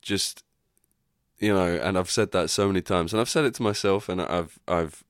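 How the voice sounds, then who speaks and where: A man's voice: sits low, normal speed, dry recording, clean studio sound. A young man hosting a podcast, talking candidly and rambling in a casual reflective monologue, swearing freely. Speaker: podcast host.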